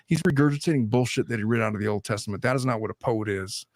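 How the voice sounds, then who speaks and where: Animated man hosting a podcast. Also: medium pitch, racing, no room sound, studio quality. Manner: animated, swears freely, laughs between points. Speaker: host. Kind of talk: casual podcast discussion.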